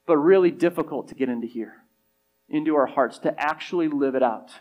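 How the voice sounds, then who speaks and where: A man with a slightly higher voice preaches a sermon. He talks in a casual, conversational way and acts out other people's lines. His volume swings from loud emphasis to soft, quiet lines. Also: brisk. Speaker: pastor.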